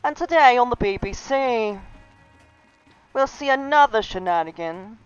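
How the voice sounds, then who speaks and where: A woman's voice: fairly high pitch, animated, unhurried, clear, resonant tone, no echo, muffled recording, faint music behind, pitched above the performer's own voice. A woman putting on a pompous British TV announcer in a mock British accent, grand and announcing.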